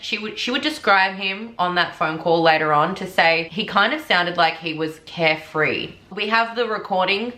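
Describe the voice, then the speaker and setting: A woman's voice: lowish voice, normal speed, hardly any pauses, pushed and bright, echoey room. A woman vlogger casually retelling a true crime case in a chatty, conversational way.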